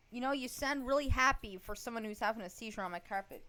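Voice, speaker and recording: A slightly high-voiced woman runs a casual podcast chat. She talks bluntly and sarcastically and swears freely. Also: quick pace, hardly any pauses, bright, forceful tone. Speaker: podcast host.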